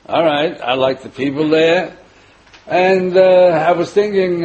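An older man, a rabbi, preaching a sermon and weaving in a personal story with frequent pauses and fillers. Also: a little high, a little mellow, low-quality recording. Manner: rambling, many filler pauses, chuckles at own jokes.

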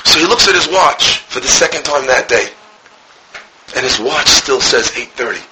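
A man, a rabbi and school director, preaching a sermon passionately, crying out at times and dropping to a hush as he tells stories. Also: mid-range voice, lively intonation, normal speed, a little hiss or hum, rough recording. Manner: impassioned, swinging from cries to hushed storytelling. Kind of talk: sermon with storytelling.

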